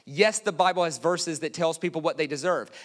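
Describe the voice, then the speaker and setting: A man preaching a sermon in a church, telling humorous stories and dropping suddenly to hushed asides. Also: fairly high pitch, a little fast. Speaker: guest preacher. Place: church auditorium.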